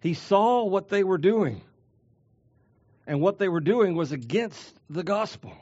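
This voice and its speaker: Man, high voice, sermon, deliberate emphasis, dull lo-fi sound. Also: expressive, a little mellow. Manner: deliberate preaching, slowing to stress key words. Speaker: pastor.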